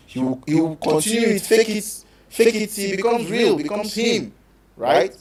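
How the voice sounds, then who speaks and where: A man with a Nigerian accent hosting a live call-in show on relationships, talking in an animated way, slipping into pidgin and acting out quotes. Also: high-pitched, unhurried. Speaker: radio show host. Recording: echoey room, distant from mic.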